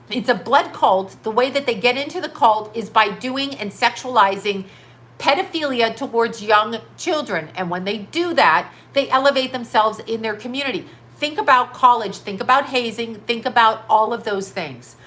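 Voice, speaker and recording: A woman in her fifties on a livestream, pouring out an emphatic, profane rant with one rhetorical question after another. Her voice sits a bit high and rings bright and forceful. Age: 50s. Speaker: livestream host.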